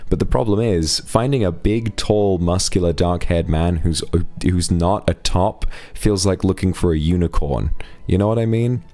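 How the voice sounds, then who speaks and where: A young man streams live in a low, mellow voice at a moderate pace. He thanks donors and keeps up frank, teasing banter with his chat.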